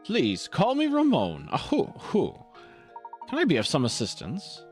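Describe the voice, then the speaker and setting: A man's voice: a little high, wildly swooping pitch, measured pace, faint music behind, pitched above the performer's own voice. A man voicing a fawning, eccentric male butler with an obsequious manner. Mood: obliging.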